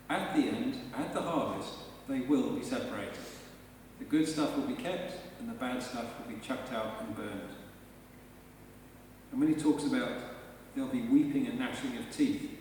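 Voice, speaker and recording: A man's voice: medium pitch, darkish tone, a little hiss or hum. Man preaching in an echoey church. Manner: conversational and emphatic, with rhetorical questions. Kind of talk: live sermon. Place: large church, indoors. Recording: echoey church hall from far off.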